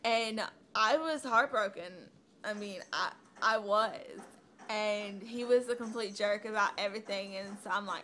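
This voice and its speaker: Young woman vlogger, higher voice, hesitant and rambling, music bed behind. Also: measured pace, sharp tone. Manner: rambling, hesitant with many fillers. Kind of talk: personal story vlog.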